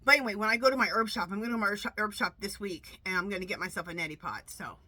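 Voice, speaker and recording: A woman tarot reader talks to her viewers in a loose, rambling way, often restarting her sentences. Her voice is bright and forward, and her nose is stuffed up from allergies. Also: medium pitch, rapid-fire, dry recording. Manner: chatty, rambling, many restarts. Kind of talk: casual monologue to camera.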